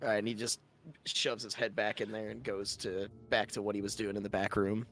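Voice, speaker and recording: A man's voice: lowish voice, little pitch movement, a little fast, fairly bright tone. A man running a tabletop game as game master, narrating scenes loosely with lots of filler words.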